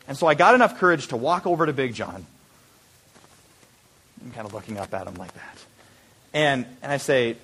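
A man preaching a sermon, telling a lively story and then making earnest, quiet appeals. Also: a little high, fast talker. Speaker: pastor.

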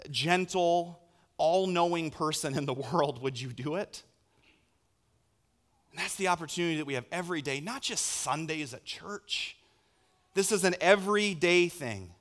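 A man in his thirties preaching a sermon as a pastor, telling stories with sudden loud bursts. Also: on the high side.

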